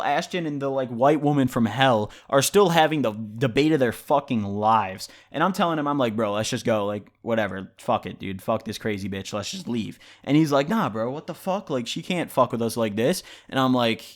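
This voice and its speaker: A man's voice: mid-range voice, expressive, moderate pace, hardly any pauses. A man telling a story for his vlog in a casual, rambling way, full of "like" and swearing. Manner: rambling, heavy use of "like" and profanity. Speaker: vlogger.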